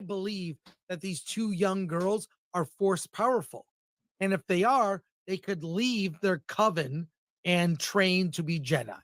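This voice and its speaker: A man on a casual review stream, recapping an episode in an explanatory, slightly halting way. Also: sits high, fairly bright tone, no echo, clean studio sound. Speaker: podcast co-host.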